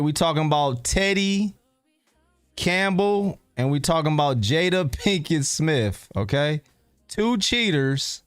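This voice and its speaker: A man's voice: lowish voice, dry recording. A man hosting a casual live stream, laid-back and rambling as he talks to his viewers.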